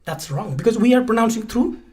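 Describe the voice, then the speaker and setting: Fast-talking Nepali-accented man teaching. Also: high-pitched, lively intonation, a little mellow. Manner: emphatic, repeats points and spells words letter by letter. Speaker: English test teacher, guest. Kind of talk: explanatory interview talk.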